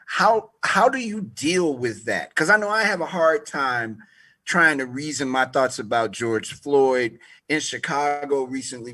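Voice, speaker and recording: A man's voice: medium pitch, fairly bright tone. A male podcast host asking earnest, searching questions, often restarting mid-sentence. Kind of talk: interview questions.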